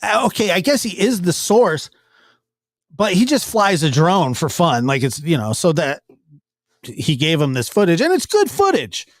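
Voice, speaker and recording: A man's voice: on the high side, unhurried, no echo, studio quality. A man giving casual commentary as he reacts to news clips, rambling with restarts and chuckles.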